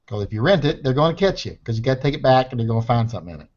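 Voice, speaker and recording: Fast-talking wisecracking man. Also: mid-range voice, very animated, darkish tone, dull audio, slight background noise. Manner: profane, wisecracking. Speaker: panelist. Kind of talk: casual chat.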